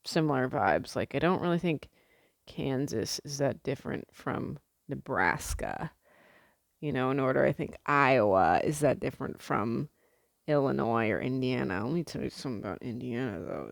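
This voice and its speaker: A woman's voice: rumbling low, creaky, no room sound. A young woman from the Midwest chatting casually to camera as a vlogger, rambling with lots of fillers and the odd swear word.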